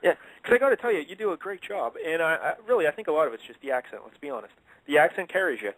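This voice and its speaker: Fast-talking chatty male radio host. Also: fairly high pitch, lively intonation, vocal fry, a loud crowd, poor audio. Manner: chatty, joking, quick. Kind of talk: casual interview hosting.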